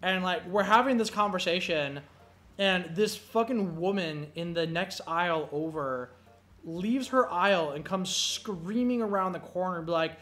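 In this gameplay video, the young host's high, slightly bright voice moves at a moderate pace. He chats casually, rambling through profane stories with plenty of fillers, while faint game music plays.

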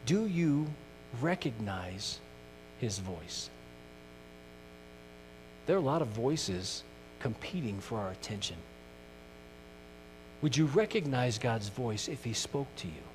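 A middle-aged male pastor preaching a sermon, earnest, moving from loud emphasis to hushed questions. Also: mid-range voice, sing-song, takes it slowly, long pauses. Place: church sanctuary. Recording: distant mic in a reverberant church with mains hum.

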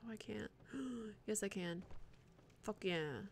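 A woman streaming live gameplay, swearing and reacting out loud to the game and chatting with viewers. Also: mid-range voice, lively intonation, takes it slowly, gravelly, slight background noise. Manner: profane, reactive, talks to the game and chat.

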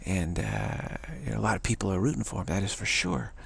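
Gravelly husky man, rambling. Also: sits low, sing-song, a little fast, fairly bright tone. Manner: rambling, chuckling, repeats phrases. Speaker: spiritual teacher. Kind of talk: casual spiritual talk.

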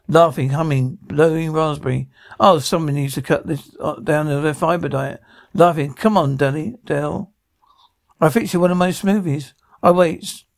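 A man's voice: fairly high pitch, no room sound, studio quality. A man reading every part of a drama aloud, sound cues included, with slips and restarts. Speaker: radio show reader voicing a TV drama.

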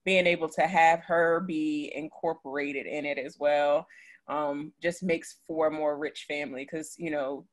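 A woman's voice: deep voice, steady tone, measured pace. A woman hosting an interview who speaks in a supportive, affirming way. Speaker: host. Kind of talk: conversational interview.

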